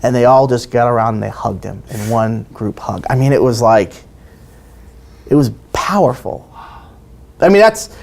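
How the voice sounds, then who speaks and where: A man in an interview recounting a trial in a medium-pitched voice. He tells the story with animation, slipping into the voices of the people he quotes and often restarting his phrases. He sounds like a trial lawyer speaking off the cuff. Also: lively intonation, normal speed, creaky, long pauses, a little mellow.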